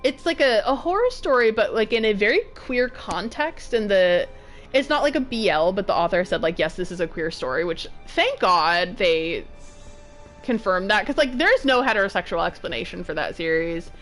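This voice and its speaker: A woman's voice: mid-range voice, expressive, normal speed, a bit bright, soft background music. A woman streaming a game, chatting casually and rambling, with jumpy nervous exclamations. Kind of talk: casual gameplay commentary.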